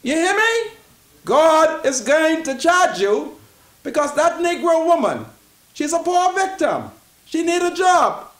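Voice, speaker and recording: A Bahamian man hosting a commentary show, pleading and repeating himself in a preachy way and breaking into shouts. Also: very high-pitched, very animated, measured pace, roomy sound. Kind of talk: impassioned political commentary.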